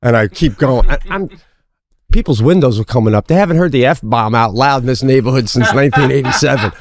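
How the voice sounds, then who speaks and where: A middle-aged man co-hosting a podcast, telling a story in casual chat, animated and swearing freely, acting out his own shouting. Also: mid-range voice, fairly quick, noisy background. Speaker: podcast co-host.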